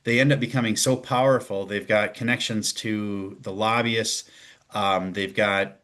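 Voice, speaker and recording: Man, lowish voice, halting interview guest. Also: steady tone, a bit bright. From northern Minnesota. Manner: halting, restarts often while searching for words. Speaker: guest, local politician. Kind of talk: casual interview talk.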